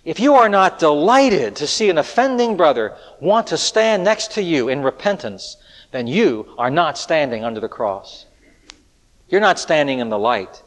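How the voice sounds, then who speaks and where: A man preaching an earnest sermon, with rhetorical questions and shifts between loud appeals and hushed lines. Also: on the high side, sing-song, moderate pace. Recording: echoey hall with long reverb.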